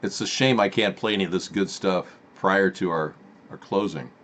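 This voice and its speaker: A man's voice: low-pitched, moderate pace, a bit bright. A man hosting a live-stream political talk show in a rambling, sarcastic manner. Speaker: host.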